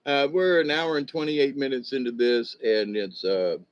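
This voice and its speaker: A man's voice: medium pitch, steady tone, moderate pace. An older man giving a rambling spiritual talk on a long livestream, chuckling often, with speech shaped by missing teeth. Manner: meandering, chuckling, with many fillers and restarts. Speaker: spiritual teacher. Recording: dull lo-fi stream audio.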